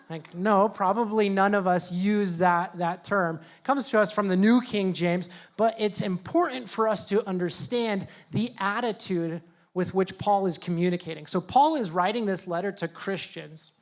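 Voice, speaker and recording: A youth pastor preaching to young people in a casual, joking, conversational way. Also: male voice, high voice, moderate pace. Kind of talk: youth sermon.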